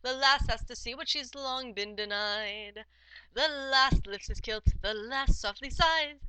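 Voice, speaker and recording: A woman's voice: fairly high pitch, measured pace, bright, forceful tone, clear, resonant tone, no echo, poor audio. A woman narrating a bawdy folk ballad in a playful storytelling manner. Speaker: singer and narrator.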